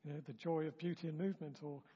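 A man with a husky voice leading a church training session in a chatty, self-interrupting way, acting out example remarks. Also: on the high side, flat delivery, very fast, dark tone. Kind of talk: informal teaching talk. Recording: dull, long-reverb room recording.

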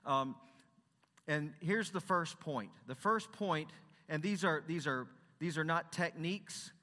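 A man's voice: fairly high pitch, measured pace, pushed and bright. A man who is a Christian counselor and former pastor gives an earnest, conversational sermon talk from a stage, asking the audience rhetorical questions. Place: stage in a large hall. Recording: long hall reverb.

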